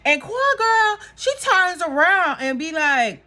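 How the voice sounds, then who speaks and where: A woman casually recapping a reality show episode, gossipy and animated, acting out what the cast said. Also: very high-pitched, slow pace, few pauses. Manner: animated, gossipy, acts out quotes.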